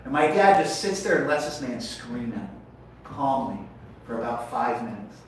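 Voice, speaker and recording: A man's voice: mid-range voice, sing-song, normal speed, a little hiss or hum. Forties male comic from Oregon, crude and profane, works the crowd; roomy venue sound, mic far off. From Portland, Oregon, USA. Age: 40s. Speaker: stand-up comedian. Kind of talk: open mic stand-up. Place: small comedy venue, indoors. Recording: echoey venue, distant mic.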